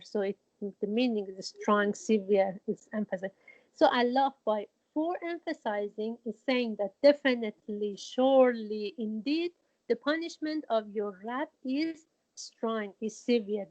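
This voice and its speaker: A woman teaches an informal Quran lesson slowly, her fairly high voice halting and restarting often as she quotes Arabic. The recording sounds dull and lo-fi.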